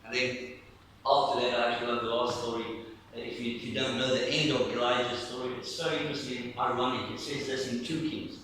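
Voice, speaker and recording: A man preaches a sermon, acting out the story and sinking to a hush to make his points. His voice is bright and forceful. It reaches the mic from a distance through a very reverberant church, with faint noise underneath. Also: mid-range voice, quick pace. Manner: animated storytelling preacher, acting out scenes, dropping to a hush for emphasis. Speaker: pastor.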